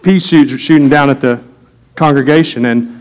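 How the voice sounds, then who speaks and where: A man's voice: medium pitch, moderate pace, a little mellow. A middle-aged man, a pastor preaching a sermon to his congregation in a folksy storytelling way.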